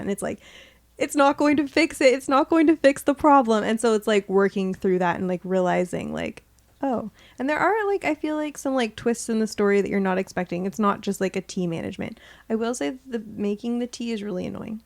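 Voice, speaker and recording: Woman rambling in casual chat, kinda high voice, says like a lot, super animated. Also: fairly quick. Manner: animated, lots of "like" fillers, acts out quotes. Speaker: podcast guest.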